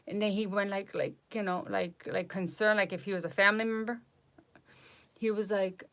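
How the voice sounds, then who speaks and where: A woman vlogger telling a personal story in a casual, exasperated way, with animated retelling. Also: mid-range voice, normal speed.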